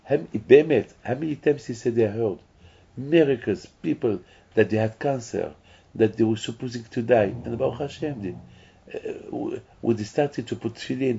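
Rabbi giving a sermon, husky rough voice, keeps restarting, muffled old recording. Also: male voice, mid-range voice, warm tone. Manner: emphatic, repetitive preaching with restarts. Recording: dull lo-fi recording.

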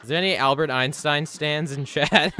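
A man streaming a game live, rambling excitedly to chat, swearing often and making fun of himself. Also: a little high, moderate pace, soft background music. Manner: sudden yelps at the game. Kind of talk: casual live-stream chatter.

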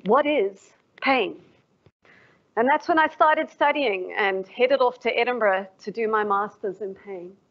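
Woman lecturer, reflective, poses questions to the room; slightly high voice, muffled livestream sound. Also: moderate pace, hardly any pauses. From South Africa. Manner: reflective, asks the audience questions. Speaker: professor giving a lecture. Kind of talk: formal public lecture. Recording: dull lo-fi livestream audio.

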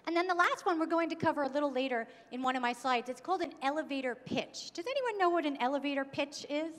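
A woman with a high voice delivers a keynote in a conference hall, and her words ring out with a long hall reverb. She speaks in an engaging way and keeps asking the audience questions. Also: expressive, fast talker. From New York.

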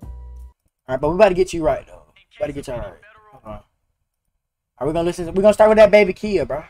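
A young man streaming a game, chatting fast and slangy with his viewers and teasing players. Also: on the high side, expressive, a little mellow, faint music behind. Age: young adult. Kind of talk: casual gaming livestream chat.

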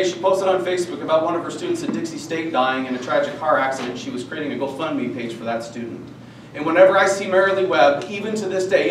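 A man presenting a training session to teachers, speaking earnestly and candidly and sharing personal stories. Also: a little high. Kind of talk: professional development talk to teachers. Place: school meeting room. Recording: echoey room from far off, faint noise.

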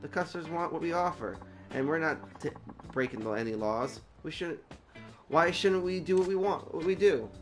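A man's voice: on the high side, expressive, moderate pace, music in the background, natural voice. A man voicing a cocky teenage girl who runs a shady shop, talking in a sassy, mocking way. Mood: smug.

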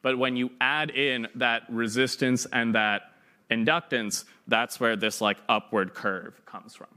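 A man's voice: medium pitch, steady tone, measured pace, sharp tone. A young man giving an informal classroom lecture, chatty and fond of playful analogies, often checking in with "right?". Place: lecture room.

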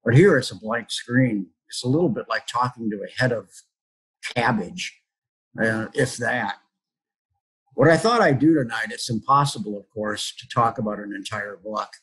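An older man, an author, speaking over a video call and telling a personal story in a slow, reflective way. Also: medium pitch, fairly bright tone, breathy edge, rough recording. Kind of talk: storytelling talk.

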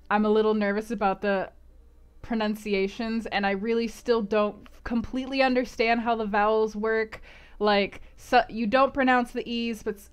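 A woman's voice: fairly high pitch, a bit bright, clean tone. A woman with an American accent hosting a read-aloud book club stream, chatty and self-deprecating, laughing often. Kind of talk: casual chat and book recap.

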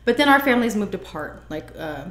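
A young American woman vlogs while eating, telling a personal story and acting out the dialogue as she chats animatedly. Her medium-pitched voice is very animated, brisk, and a bit bright, with a roomy sound.

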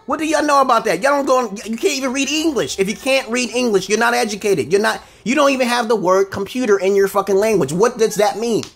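Profane, high-voiced, husky ranting man. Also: fast talker, few pauses. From United States. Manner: confrontational, profane, rambling. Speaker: vlogger. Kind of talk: ranting monologue to camera.

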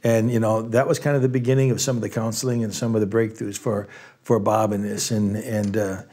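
Man, husky, earnest, emotional, halting, casual testimony. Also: on the low side, flat delivery, mellow.

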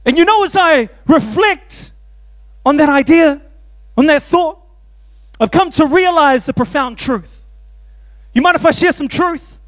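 High-voiced New pastor. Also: male voice, a little slow, pauses often. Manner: animated, self-mocking, laughs often. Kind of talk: storytelling sermon.

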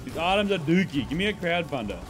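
A young man streaming a video game, chatting casually and excitably, swearing and laughing as he plays. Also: on the high side, fast, faint music behind. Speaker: gaming streamer. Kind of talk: live gameplay commentary.

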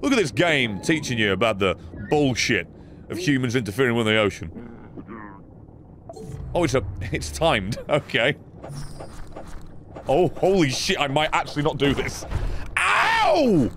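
A man giving profane, excitable let's play commentary, often yelling at the game. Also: mid-range voice, moderate pace, pauses often, slight background noise. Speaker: gaming channel host.

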